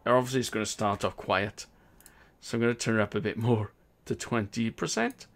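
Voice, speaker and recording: A man's voice: fairly low pitch, fairly even intonation, brisk, a bit bright. A man with a Welsh accent hosting a game live stream in casual, upbeat chat and laughing often.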